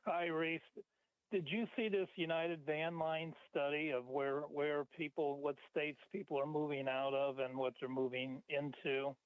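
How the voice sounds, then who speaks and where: A man calling in to a radio show, speaking haltingly with many restarts. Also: on the high side, flat delivery, clear, resonant tone, no echo. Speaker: caller. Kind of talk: call-in talk. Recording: phone line.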